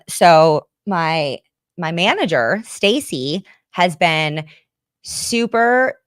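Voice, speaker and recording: A woman's voice: low voice, fairly bright tone, dry recording, clean studio sound. Candid, swearing American woman host. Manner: chatty, confessional, swears casually. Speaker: podcast host. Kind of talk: candid livestream chat with viewers.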